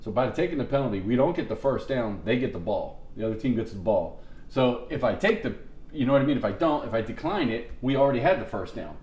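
A man's voice: medium pitch, lively intonation, quick pace, darkish tone, roomy sound. A middle-aged man telling long, rambling, profane stories to friends on a podcast, with restarts and laughter. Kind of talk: casual storytelling among friends.

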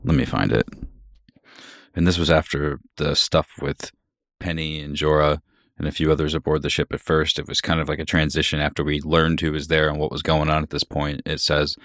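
A man with an extremely deep voice co-hosts a casual podcast chat about books. He thinks out loud, pausing and restarting as he works through ideas. The sound is dry and close, with no room echo. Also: level tone. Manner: thinks aloud with pauses and restarts. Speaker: podcast co-host. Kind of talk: casual book-discussion chat.

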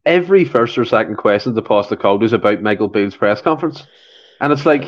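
A man's voice: on the low side, expressive, quick pace. A Scottish man talking in an emphatic, riled-up way as a guest on a football podcast. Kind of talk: casual chat. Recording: dull lo-fi audio.

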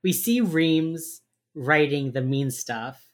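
Lady with a low voice and a slight speech impediment, chatty recap, plays out all the lines. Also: slow. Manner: animated storytelling, acting out characters' lines. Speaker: podcast co-host recapping a TV episode. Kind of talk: casual chat.

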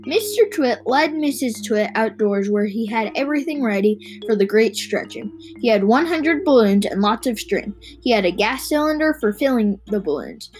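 A woman reading a children's book aloud at an unhurried pace, with small slips and restarts. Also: mid-range voice, a little mellow, slightly rough, poor audio. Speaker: reader.

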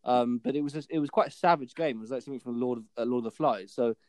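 A man's voice: mid-range voice, very fast, darkish tone, dry recording. A man, reminiscing in a chatty, hesitant way on a casual podcast. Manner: chatty, hesitant with fillers and restarts. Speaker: podcast co-host. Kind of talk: casual chat.

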